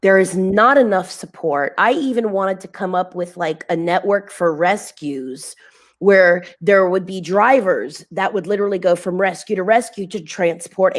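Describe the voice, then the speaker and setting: A woman co-hosting a podcast, speaking in a casual, affirming conversational way. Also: medium pitch. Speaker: podcast co-host. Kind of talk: casual chat.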